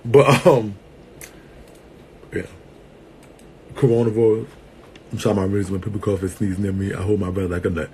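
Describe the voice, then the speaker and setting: A man in a casual vlog who talks to his viewers in a sassy, playful way and laughs often. He calls them girl and sweetheart, and swings between loud bursts and quiet asides. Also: fairly low pitch, fairly even intonation, moderate pace, long pauses, slight background noise. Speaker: vlogger and entertainer.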